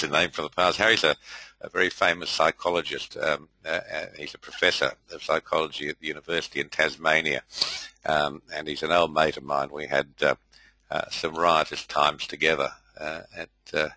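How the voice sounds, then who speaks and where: An older man hosts a casual webcast with a deep, sharply bright voice. He rambles, full of ums and uhs, as he greets his listeners. The sound is dry and close. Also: dry recording, rough recording. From India. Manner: rambling, many fillers, friendly roll call. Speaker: host. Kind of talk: casual webinar welcome.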